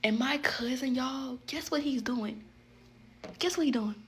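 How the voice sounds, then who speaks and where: A woman's voice: high-pitched, unhurried. A young woman telling a storytime tale casually, emphatic and talking straight to her listeners. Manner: emphatic, addresses listeners as y'all.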